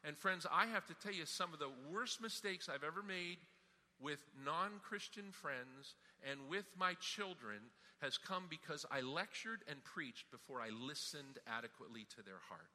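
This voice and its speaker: Brief: man preaching, bright tense voice, slightly high, long hall reverb. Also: normal speed. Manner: animated storytelling, emphatic. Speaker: pastor. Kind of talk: sermon.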